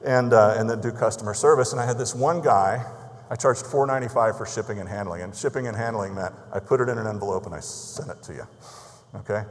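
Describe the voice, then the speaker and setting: A man preaching a sermon as a pastor, telling a story that grows quiet and solemn and ends in prayer. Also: lowish voice, fast, big-room sound.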